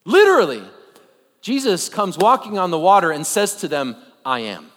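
Animated preacher man in a big hall. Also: sits high, moderate pace. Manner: animated, with joking asides and rhetorical questions. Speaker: pastor. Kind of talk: conversational sermon. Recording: long reverb of a large hall.

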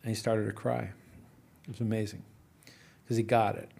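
A man guest in an interview, a business investor casually telling animated stories, chuckling and restarting his sentences as he goes. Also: lowish voice, normal speed, creaky.

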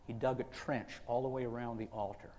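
Folksy preacher telling a story. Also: male voice, medium pitch, fairly even intonation, a little fast, a little mellow, big-room sound, lo-fi sound, slight background noise. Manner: folksy, conversational. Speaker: pastor. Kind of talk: sermon storytelling.

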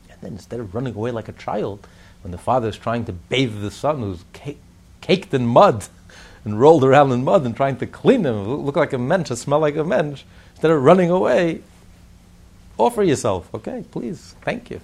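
A man's voice: mid-range voice, animated, moderate pace, creaky, darkish tone, slightly rough. A man teaching a religious text class in an emphatic manner, repeating his points and asking rhetorical questions. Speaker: Torah teacher.

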